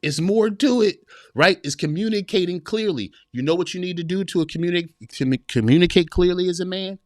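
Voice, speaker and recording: A man's voice: high voice, fairly quick, dry recording, studio quality. A man in his thirties hosting a podcast livestream, giving earnest, preachy advice to men and repeating his points. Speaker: podcast host. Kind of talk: livestream motivational talk.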